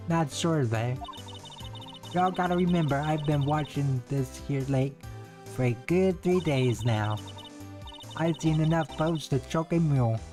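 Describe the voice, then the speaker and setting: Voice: medium pitch, darkish tone, lightly acted. A streamer voicing a folksy, brash young woman photographer with a drawl while reading game dialogue aloud. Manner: drawling, boastful, chatty.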